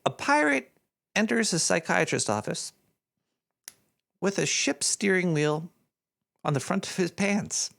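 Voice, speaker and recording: Using an exaggerated, creaky, fairly bright high voice with big pitch swings, a man voices a paranoid cartoon rat radio host. He's unhurried and leaves long pauses while he reads donations, rambling scatterbrained with jokey live-stream asides.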